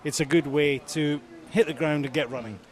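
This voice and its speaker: Male co-host, slightly high voice, easygoing and jokey, recorded outdoors at an event. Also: brisk. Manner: relaxed, joking. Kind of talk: casual outdoor chat.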